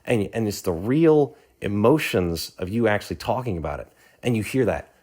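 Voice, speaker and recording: A man's voice: on the low side, expressive, normal speed, a little mellow, slightly rough. A man in the audience speaking earnestly and at length, rambling with many restarts and fillers. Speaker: audience member. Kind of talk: earnest spoken testimony.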